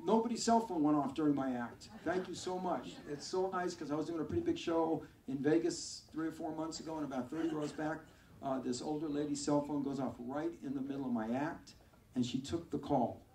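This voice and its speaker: A male stand-up comedian telling self-mocking, deadpan one-liners on a club stage. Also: on the high side, brisk, slight background noise. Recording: echoey club, far from mic, crowd.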